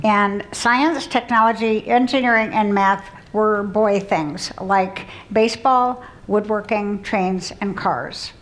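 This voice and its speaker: Woman in her sixties, mid-pitched, humorous luncheon keynote, faint hiss. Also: takes it slowly, hardly any pauses, rough recording. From Midland, Michigan, US. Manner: warm self-deprecating storytelling with laughs. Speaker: keynote speaker. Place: luncheon hall.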